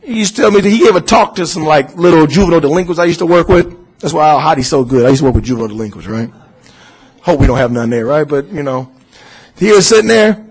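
A man's voice: a little high, lively intonation, fast, breathy edge, poor audio. A man giving an informal religious lecture to a class, asking questions and answering them himself in a conversational way. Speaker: Muslim teacher.

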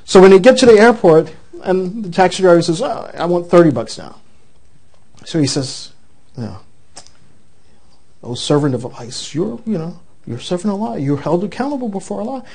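Male preacher, high and warm-toned, animated storyteller mid-sermon. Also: fairly quick, creaky, pauses often. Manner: animated storyteller, acts out the quoted voices.

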